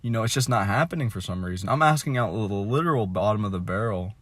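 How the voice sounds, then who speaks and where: A dejected young man venting in a candid monologue, mumbling and swearing, trailing off into quiet asides. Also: lively intonation, fast talker, dry recording. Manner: mumbling, trailing off, heavy swearing, mocks others in a high voice.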